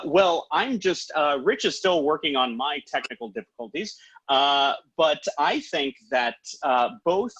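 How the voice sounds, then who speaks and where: Husky man hosting through muffled audio. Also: on the high side, fairly bright tone. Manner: breezy, fumbling with tech trouble. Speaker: event host. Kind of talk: casual hosting on a video call. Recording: muffled lo-fi video call audio.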